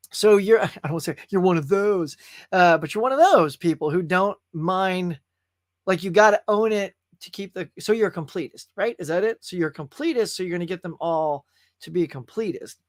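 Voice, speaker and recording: A man's voice: sits high, animated, fairly quick, no room sound, clean studio sound. A man hosting a casual live stream, chatting loosely, laughing and reading viewer comments aloud. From California. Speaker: host.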